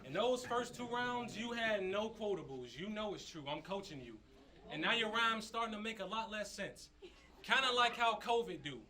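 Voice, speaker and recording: A man's voice: sits high, expressive, normal speed, sharp tone, poor audio. A man performing taunting, storytelling battle rap verses at a live campus event. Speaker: battle rapper. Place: upper-floor campus venue with a live crowd.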